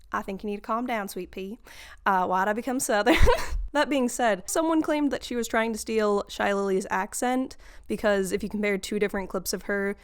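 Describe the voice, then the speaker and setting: A woman's voice: mid-range voice, smooth. A woman vlogger giving a casual, sarcastic rant to her viewers and laughing often. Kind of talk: casual ranting monologue.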